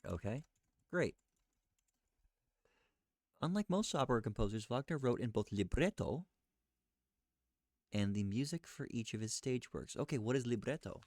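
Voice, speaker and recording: A man thinking aloud as he looks things up, questioning himself and reading search results aloud in a halting, muttering way. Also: mid-range voice, animated, a little mellow, no room sound, studio quality. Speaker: streamer researching live.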